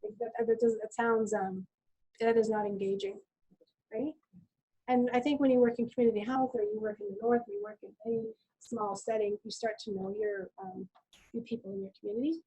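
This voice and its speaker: Woman, middle-aged, nurse, webinar guest, calm storytelling, husky, mellow tone. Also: on the high side, a little fast, low-quality recording. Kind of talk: conversational webinar talk.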